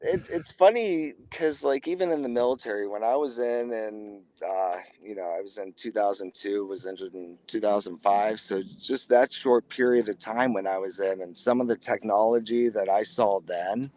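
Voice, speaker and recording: A man's voice: fairly low pitch, moderate pace, few pauses, darkish tone. A man, a military veteran and podcast guest, talking casually in an earnest, encouraging way. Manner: earnest and encouraging, restarts often. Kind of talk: casual interview chat.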